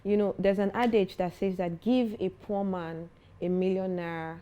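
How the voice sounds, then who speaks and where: A woman's voice: medium pitch, moderate pace, dull audio. A young adult woman, a foundation founder, talking earnestly and confidently as an interview guest. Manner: earnest, confident, animated when telling stories. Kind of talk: interview conversation.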